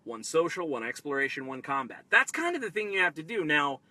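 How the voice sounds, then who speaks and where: A man hosting a live tabletop-game advice stream, energetic and excitable, swinging between loud bursts and quiet asides. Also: on the high side, brisk, dry recording. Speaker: host.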